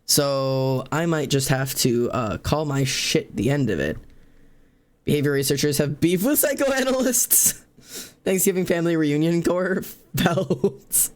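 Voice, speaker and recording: A man's voice: on the high side, lively intonation, a little slow. A young adult man streaming live from home, chatting casually and rambling jokily with his viewers and his cats.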